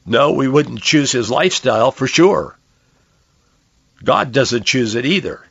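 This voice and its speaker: A hoarse man, hosting a talk radio show and giving earnest commentary on politics and faith. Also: mid-range voice, no room sound, lo-fi sound. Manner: conversational, earnest, with frequent restarts. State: hoarse, losing his voice. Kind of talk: political and religious commentary monologue.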